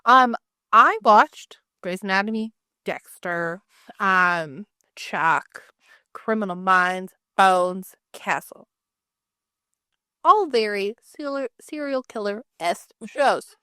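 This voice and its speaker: A young adult woman co-hosting a podcast in casual chat, talking in quick bursts with lots of fillers. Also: mid-range voice, animated, sharp tone, clear, resonant tone, no room sound, studio quality. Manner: chatty, many fillers, quick asides. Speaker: podcast co-host.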